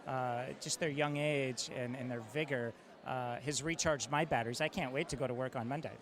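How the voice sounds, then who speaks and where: A man, an eye surgeon, speaking enthusiastically and with feeling about mentoring, halting with fillers. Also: medium pitch, fairly even intonation, crowd noise. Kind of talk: interview answer.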